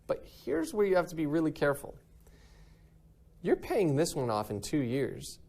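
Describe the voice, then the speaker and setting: A man's voice: a little high, big pitch swings, normal speed, darkish tone. A man teaching a recorded math lesson in an upbeat way, often checking in with "right?".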